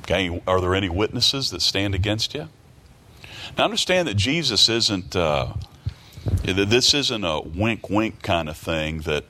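A man's voice: lowish voice, very animated, measured pace, pushed and bright, a little hiss or hum. A man preaching a sermon who reads scripture aloud, repeats his phrases and keeps asking rhetorical questions. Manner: reads scripture aloud in King James wording.

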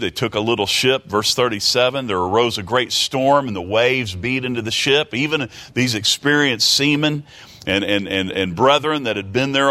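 A man's voice: mid-range voice, pushed and bright. A man preaching a sermon, reading scripture aloud and asking the congregation rhetorical questions in a folksy way, often repeating words. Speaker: pastor.

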